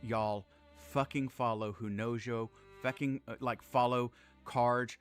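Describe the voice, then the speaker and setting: A man's voice: medium pitch, steady tone, unhurried, soft background music. A man in his thirties streaming a game, talking casually, swearing freely and turning earnest when he praises others. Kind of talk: casual gameplay commentary.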